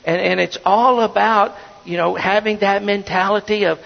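Male preacher, fairly high-pitched, muffled sound in a reverberant sanctuary. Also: measured pace, vocal fry. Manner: preaching with sudden swings between loud and hushed. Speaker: pastor. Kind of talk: sermon. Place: church sanctuary. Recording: dull, reverberant sanctuary audio.

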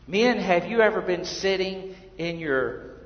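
A man preaching a sermon as pastor, swinging between hushed, drawn-out asides and emphatic, rising swells. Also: high voice, expressive, slight background noise. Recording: echoey hall, slightly dull sound.

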